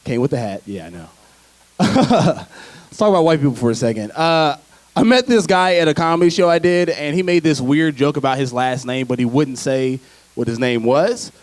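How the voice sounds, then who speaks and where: A man's voice: on the high side, lively intonation, normal speed, no echo. Stand-up comic man, dry close sound. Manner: loose, conversational delivery with frequent laughs and asides to the crowd. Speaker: stand-up comedian. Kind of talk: stand-up comedy set. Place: theater stage before a live audience.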